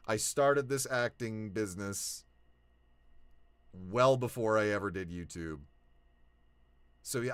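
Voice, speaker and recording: A young male voice actor talking casually to his viewers, animated, swinging between low mutters and excited shouts. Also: clear, resonant tone, dry recording. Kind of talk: casual vlog talk.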